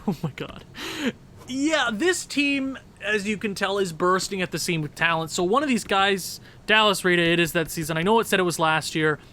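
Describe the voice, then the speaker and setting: A man giving casual, rambling commentary on a hockey video game, excitable and often correcting himself. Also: sits high. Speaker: gaming commentator.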